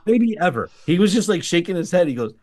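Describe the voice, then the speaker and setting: A man co-hosting a tech podcast, telling a funny story in a casual, animated way and laughing as he goes. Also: high-pitched, fast. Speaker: podcast co-host.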